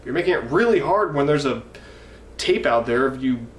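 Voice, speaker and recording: A man's voice: mid-range voice, animated, moderate pace, recorded from a distance. A man in his twenties ranting in a vlog, profane, indignant and rambling. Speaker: wrestling fan vlogger. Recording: echoey room, mic from afar, faint noise.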